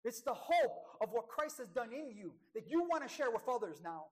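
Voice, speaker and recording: Woman preacher with a fairly high voice; emphatic sermon, swinging between hushed and loud, stretching key words. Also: very animated, normal speed, hardly any pauses, breathy edge.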